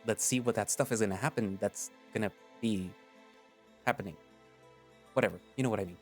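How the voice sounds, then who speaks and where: A man with a low voice reads a story aloud, narrating in the first person. Between chapters he gives loose, rambling recaps full of fillers. Faint music runs underneath. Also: fairly quick. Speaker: story reader. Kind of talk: reading a fan story aloud.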